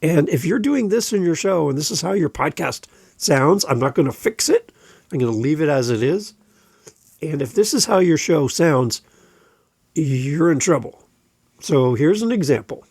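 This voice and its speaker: A man's voice: fairly high pitch, lively intonation, normal speed, darkish tone, breathy edge, dry recording. A man hosting a podcast and coaching other podcasters, giving advice in a direct, emphatic way and repeating his key points. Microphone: close studio microphone.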